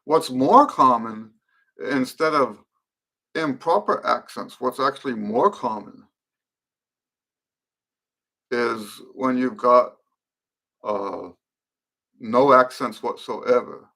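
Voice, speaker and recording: Slow, gravelly-voiced male trumpet teacher. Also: medium pitch, bright, forceful tone. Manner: thoughtful, unhurried explaining with fillers and restarts. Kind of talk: live-stream Q and A lesson.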